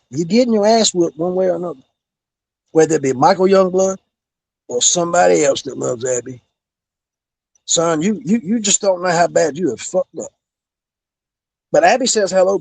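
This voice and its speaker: A man's voice: sits high, gravelly, a little mellow, no echo. A man, a former pro wrestler, delivering a heated, profane, menacing promo-style rant as a podcast guest. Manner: menacing, profane, repeats "bro".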